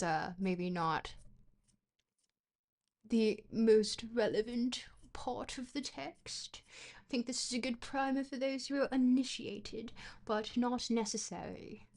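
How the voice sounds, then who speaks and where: Woman streamer, casual livestream book reading, rambling and playful, mid-pitched. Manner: rambling and playful, with frequent fillers and self-corrections. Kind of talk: reading a book aloud on a livestream, chatting between passages.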